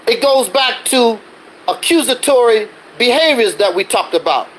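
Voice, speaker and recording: A man's voice: high voice, very animated, moderate pace, sharp tone, slight background noise, poor audio. A man hosting a livestream, ranting defensively in a casual monologue full of rhetorical questions. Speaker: livestreaming channel host.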